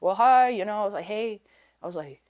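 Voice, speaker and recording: Woman on a podcast rambling through her story, keeps saying right and you know, goes quiet on the hard parts, swears here and there, mid-pitched voice. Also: animated, fairly quick. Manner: often drops to a quiet voice when reliving hard moments; swears casually. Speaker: podcast guest. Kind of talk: telling her life story in a casual interview.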